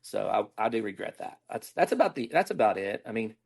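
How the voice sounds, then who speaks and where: A man's voice: fairly low pitch, very animated, brisk, creaky, breathy edge. A middle-aged man, candidly telling stories as a guest in a casual interview and acting out the dialogue he quotes.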